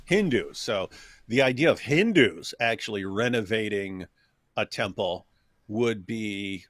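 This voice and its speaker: A man's voice: fairly low pitch, animated, measured pace, fairly bright tone. A man co-hosting an opinionated commentary chat, talking animatedly and mocking others in quoted voices. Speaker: co-host.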